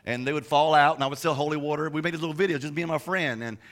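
A young male pastor tells stories from the pulpit, often stumbling and restarting his sentences. His voice is bright and sits a little high, and his delivery is informal and conversational. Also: racing. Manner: chatty storytelling with many restarts. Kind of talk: sermon.

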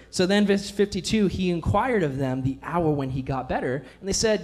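A male pastor preaches in a loose, conversational way, full of enthusiasm and everyday filler words. His voice sits a bit higher than most men's, and he keeps the tone friendly and informal in a church. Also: fairly quick, few pauses, darkish tone. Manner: casual, enthusiastic, many fillers like "like". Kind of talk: casual sermon.

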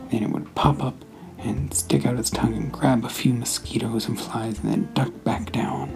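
A man hosting a podcast, telling a bedtime story in a soft, hushed, partly whispered voice. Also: medium pitch, fairly even intonation, creaky, faint music behind, poor audio. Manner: slow, hushed, half-whispered. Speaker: podcast host.

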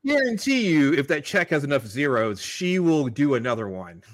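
A man co-hosting a horror podcast live stream, playful and laughing along, with quick restarts. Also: a little high, sing-song, dry recording, clean studio sound. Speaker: podcast co-host. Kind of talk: casual live-stream chat.

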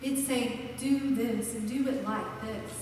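A woman's voice: on the high side, steady tone, takes it slowly, a little mellow, a little hiss or hum. A woman pastor preaching a passionate sermon with emphatic, repeating lists. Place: large church sanctuary. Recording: echoey hall, heard from far off.

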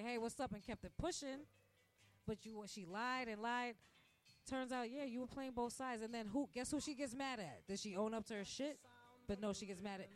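Blunt, profane woman ranting. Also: medium pitch. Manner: blunt, profane, animated storytelling. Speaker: podcast host. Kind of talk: casual ranting monologue. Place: restaurant where she works. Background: faint background music.

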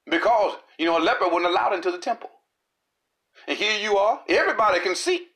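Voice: medium pitch, lively intonation, a little fast, a bit bright. A preacher delivering a sermon in a rhythmic, repetitive style, building with dramatic rises and falls.

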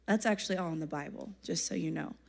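A young woman giving a casual, energetic sermon at a youth conference, chatty and slangy, often laughing. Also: fairly low pitch, fast talker, creaky. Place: church conference hall, live audience.

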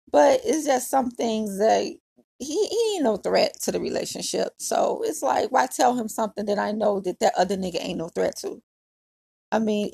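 A woman's voice: mid-range voice, vocal fry, dark tone, husky. A woman hosting her own podcast, telling a personal story in a blunt, nonchalant, profane way. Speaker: podcast host. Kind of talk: casual storytelling monologue.

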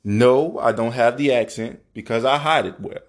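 A man's voice: mid-range voice, moderate pace. A man from New Orleans hosting his own podcast alone, talking casually and emphatically with plenty of swearing and the odd rant. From New Orleans, Louisiana. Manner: profane, ranting, emphatic. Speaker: podcast host. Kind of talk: casual solo podcast monologue. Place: apartment at home.

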